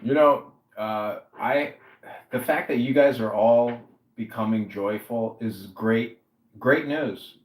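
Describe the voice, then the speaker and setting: A man hosting a social audio chat room who leads the group in loud, repeated chants. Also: mid-range voice, takes it slowly, echoey room, poor audio. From Chicago area.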